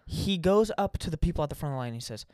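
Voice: mid-range voice, lively intonation, rapid-fire, a little mellow, no echo, studio quality. A podcast co-host in casual chat who chimes in and adds details to a shared story.

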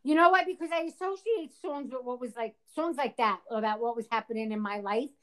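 A middle-aged woman chatting casually and telling an animated story with acted-out quotes. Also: fairly high pitch, a little fast, crowd noise. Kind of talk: casual chat.

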